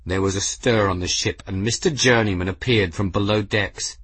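A man reading an adventure novel aloud as narrator, in a measured, even storytelling manner. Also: on the low side, husky, dry recording. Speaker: audiobook narrator. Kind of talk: scripted narration.

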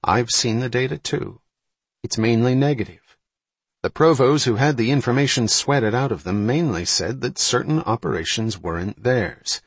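A man's voice: mid-range voice, moderate pace, husky, no room sound. Man voicing a dry, skeptical intelligence aide. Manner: cautious, skeptical.

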